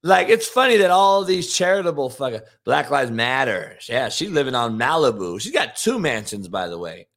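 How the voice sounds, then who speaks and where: A man's voice: mid-range voice, very animated, moderate pace. A man from Compton ranting crudely and mockingly in a commentary vlog. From Compton, California, USA. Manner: crude, mocking, loud, laughs at own jokes. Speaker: vlogger.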